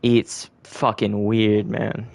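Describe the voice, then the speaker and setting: Speaking very slowly in a low, gravelly voice with a darkish tone and little pitch movement, a young man hosts a casual podcast about conspiracies. He rambles, curses liberally, and keeps correcting himself. The recording is dry.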